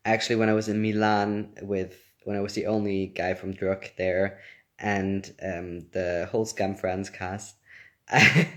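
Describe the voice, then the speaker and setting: A man's voice: on the low side, a bit bright. A young man chatting casually on a livestream, reading fan comments aloud and laughing often. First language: German. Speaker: actor answering fan questions.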